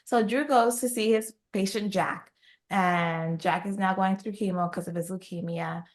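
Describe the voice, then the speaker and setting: A woman's voice: medium pitch, moderate pace. A woman co-hosting a podcast, recapping a romance novel in casual chat and acting out the characters' lines. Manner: animated retelling, acts out quoted lines. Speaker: podcast co-host.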